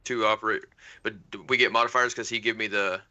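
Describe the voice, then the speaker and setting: A man playing a tabletop war game, narrating his character's driving in a fast, excitable way and swearing casually over an online call. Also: on the low side, dull audio. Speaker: player.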